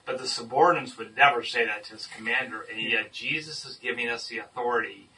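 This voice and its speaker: A man leading a Bible study discussion, explaining scripture in an emphatic, animated teaching manner. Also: mid-range voice, fairly quick. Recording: distant mic with faint noise.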